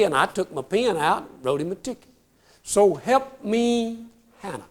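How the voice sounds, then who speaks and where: An older man with a drawl tells stories in a folksy, self-mocking way. His voice sits high for a man and keeps calling out to the crowd. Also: animated, normal speed. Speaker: comedian telling trooper stories. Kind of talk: stand-up storytelling.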